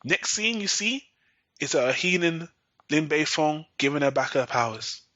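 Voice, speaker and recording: Here a man hosts a podcast and vents through an episode recap with profanity, sarcasm and exasperation. The voice sits fairly high, expressive, a little slow, pushed and bright; the lo-fi recording is dull and dry, without room sound.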